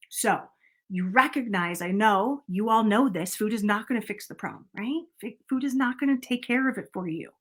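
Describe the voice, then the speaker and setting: A middle-aged woman speaking to camera as a coach, calm and earnest, often checking in with "okay?". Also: medium pitch.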